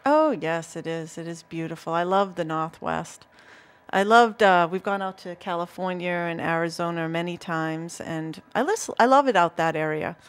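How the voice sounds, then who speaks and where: A woman's voice: lowish voice, normal speed. A woman with a Boston accent, co-hosting a local talk show in a chatty, enthusiastic way, telling stories and laughing easily. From Massachusetts. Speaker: co-host. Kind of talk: casual chat.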